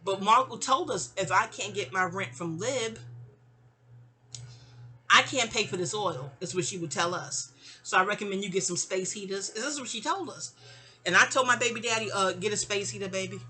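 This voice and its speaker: Bright-voiced rambling New woman. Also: medium pitch, normal speed. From New York. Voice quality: rambling, digressive. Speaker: storyteller. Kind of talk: casual storytime monologue.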